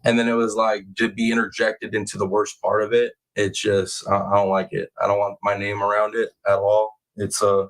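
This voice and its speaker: A man's voice: lowish voice, monotone, normal speed, hardly any pauses, rough recording. A man hosting a true crime live stream, ranting bluntly with swearing and "y'all", then reading out viewer names. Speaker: true crime livestream host. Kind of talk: casual live-stream rant and chat reading.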